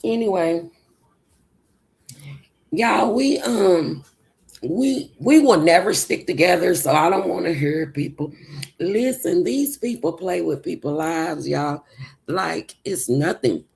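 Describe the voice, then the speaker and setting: A woman with a Southern country accent hosts a casual livestream. She rambles loosely and answers her chat as she goes. Her voice is low, gravelly and sleepy-sounding, and she speaks at an unhurried, drawn-out pace. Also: a little mellow. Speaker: livestream host.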